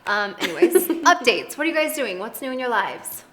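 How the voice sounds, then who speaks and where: A woman's voice: a little high, sing-song, brisk, background noise. Bubbly Idaho woman chatting with friends. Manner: playful, laughing asides. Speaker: show co-host. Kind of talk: casual chat.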